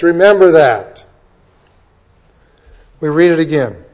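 A male preacher delivers a sermon with animated, emphatic storytelling. His voice sits fairly high, and the recording sounds dull and lo-fi. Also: unhurried, pauses often.

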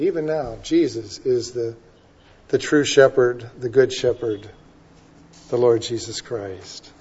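A male pastor preaching a sermon and reading scripture aloud, building to loud, emphatic declaiming. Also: on the high side, dull audio.

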